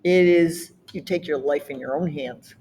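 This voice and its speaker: A woman's voice: low voice, moderate pace, warm tone, a little hiss or hum. A woman with a Southern US accent, chatting casually and animatedly about accents, laughing often. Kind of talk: casual chat.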